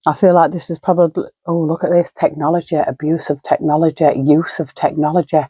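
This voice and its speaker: A woman's voice: sits low, little pitch movement, brisk, dark tone, breathy edge, no room sound. A woman in middle age giving a solo tarot reading at home, musing aloud, naming card words and sighing often. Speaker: tarot reader.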